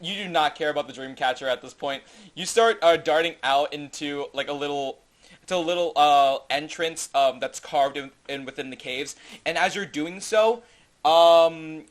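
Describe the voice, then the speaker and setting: A man narrating a tabletop game as game master, improvising loosely with many fillers. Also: fairly high pitch.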